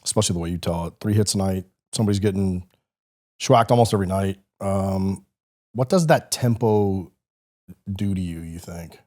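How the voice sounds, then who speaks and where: A man hosting a podcast interview, asking questions in a casual, relaxed way. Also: low voice, normal speed. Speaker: podcast host.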